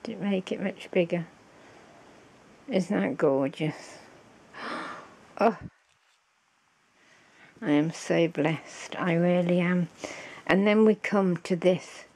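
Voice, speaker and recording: A woman, slow and fond, showing off a handmade craft gift on her vlog and gasping with delight. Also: lowish voice, darkish tone, husky. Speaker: crafting vlogger. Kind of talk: casual show-and-tell of a craft gift.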